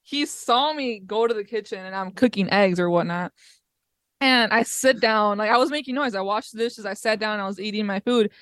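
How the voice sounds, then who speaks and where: A woman's voice: mid-range voice, normal speed, a bit bright, no room sound, studio quality. A young woman, a podcast guest, chatting casually with laughter and swearing as she tells stories about home. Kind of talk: casual chat.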